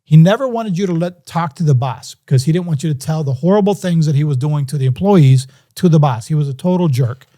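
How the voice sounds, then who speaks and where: On a podcast where he's the guest, a man with a voice on the high side talks briskly with few pauses. He tells his story casually and animatedly, performing the quoted voices.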